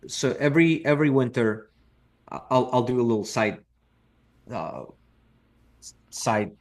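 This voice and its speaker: A man's voice: medium pitch, expressive, a little slow. A middle-aged man from Russia, a real estate investor talking as a podcast guest in a reflective, repetitive way with dry jokes. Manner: reflective, repeats words, dry joking. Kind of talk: casual interview talk.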